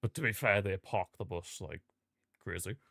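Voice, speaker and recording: A man's voice: deep voice, normal speed, creaky, fairly bright tone, dry recording, clean studio sound. A young man, chatting casually and reacting aloud while he watches a football match live.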